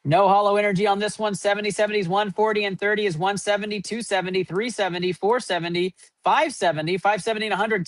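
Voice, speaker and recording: A man's voice: high voice, steady tone, quick pace, dry recording. Upbeat man tallying points on a live stream. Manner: running tally of numbers, upbeat hype. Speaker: host. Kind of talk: live card-opening stream commentary.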